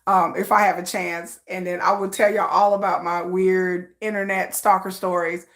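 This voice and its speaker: A woman hosting a casual livestream from home, telling a story in animated, slangy talk and acting out the voices of other people. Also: fairly low pitch, normal speed. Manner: animated, slangy, acts out quoted voices with laughs. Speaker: livestream host.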